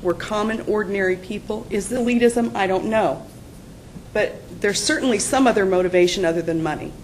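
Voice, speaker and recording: A woman's voice: medium pitch, a little fast, a little hiss or hum, low-quality recording. A woman speaking on a panel as a township official, arguing her case with conviction. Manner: impassioned, argumentative. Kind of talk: panel discussion.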